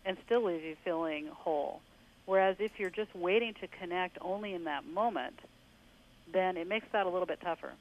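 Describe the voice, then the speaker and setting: A woman's voice: fairly low pitch, moderate pace, highs cut off. A woman who runs tantra workshops, appearing as a radio guest and giving advice in an assured, coaching way.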